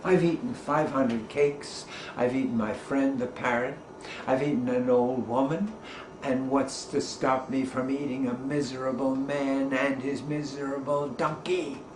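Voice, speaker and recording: A greedy, bragging storybook cat , put on by a man telling the tale, gloating over everything he has swallowed. The delivery is slow and unhurried. The room echoes around the voice, with a faint hiss behind it. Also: mid-range voice, level tone, natural voice. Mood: boastful. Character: boastful greedy male cat who eats everything. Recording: roomy echo, faint background noise.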